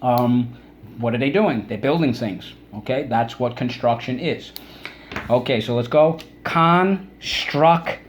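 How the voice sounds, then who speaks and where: A male teacher leads a recorded children's vocabulary lesson, stretching each syllable and urging listeners to say the words with him. His pitch sits mid-range, and a faint hiss hangs under the recording. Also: a little mellow. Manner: drawn-out syllables, coaxing repetition.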